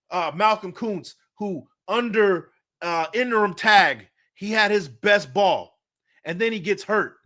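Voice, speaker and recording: Guy going off on a fan rant, high bright voice, keeps tripping over his words. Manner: heated, repeats words when worked up. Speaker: podcast host.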